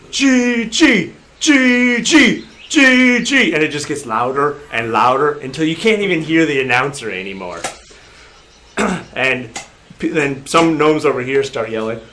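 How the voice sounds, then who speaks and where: A man narrating a tabletop game as game master, animated and laughing, breaking into loud crowd voices. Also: medium pitch, a little hiss or hum.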